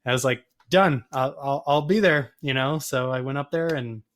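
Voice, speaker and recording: Male guest, animated rambling storyteller, average pitch, heard over a video call. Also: normal speed. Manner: animated, rambling, acts out quoted voices. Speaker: photographer and podcast guest. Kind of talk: casual storytelling interview.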